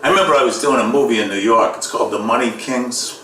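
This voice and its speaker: A man's voice: medium pitch, fast talker. A man with a Boston accent doing a sarcastic stand-up comedy routine. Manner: sarcastic, deadpan delivery with loud mock voices. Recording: echoey room, distant mic, faint noise.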